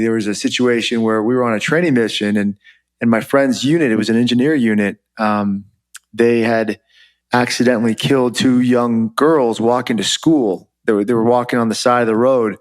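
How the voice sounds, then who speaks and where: A man's voice: medium pitch, steady tone, normal speed. A man in his forties, a former Army officer, telling stories as a podcast guest in a loose, chatty way full of "you know" and "like". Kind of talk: casual interview storytelling.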